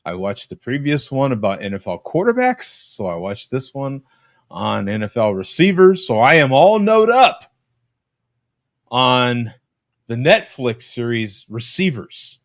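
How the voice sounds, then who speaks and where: A man hosting a casual live-stream chat over a video call from his home, rambling with lots of halting restarts. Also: medium pitch, big pitch swings, no echo, clean studio sound. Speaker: podcast host. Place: home room.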